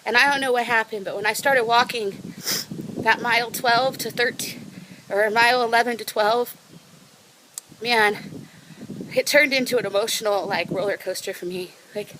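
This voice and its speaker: A woman's voice: fairly high pitch, normal speed, long pauses, background noise. A woman vlogging right after a half marathon, talking in a heartfelt, rambling way and correcting herself, tired from the run, outdoors on a lookout spot. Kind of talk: emotional personal vlog.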